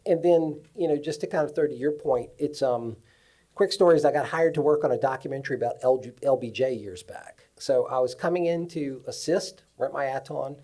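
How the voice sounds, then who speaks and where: A man on a cinematography panel, telling lively stories from his career at a live festival event. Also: mid-range voice, fairly quick. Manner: animated storyteller. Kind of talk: anecdotal panel talk.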